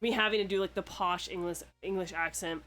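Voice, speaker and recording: A woman's voice: on the low side, fairly even intonation, a little fast, fairly bright tone, soft background music. A young woman hosting a casual podcast chat, rambling with lots of fillers and swearing freely. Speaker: podcast host.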